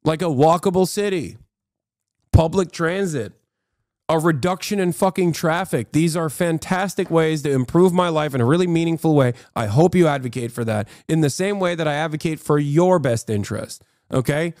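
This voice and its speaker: A man's voice: fairly high pitch, moderate pace, a little mellow, no echo, clean studio sound. An American man live-streaming, reacting to posts and chat in a profane, combative, mocking rant. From United States.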